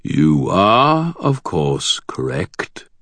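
A man voicing a towering ancient male god of death in an audiobook, with a basso rumble and a formal, commanding delivery. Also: wildly swooping pitch, drawn-out words, fairly bright tone, no echo, exaggerated voice. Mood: calm, commanding. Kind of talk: audiobook character voice.

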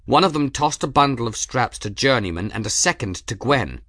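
A man narrating an audiobook chapter in a measured, dramatic storytelling manner, close to the mic. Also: medium pitch, lively intonation, pushed and bright, no room sound. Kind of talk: scripted narration.

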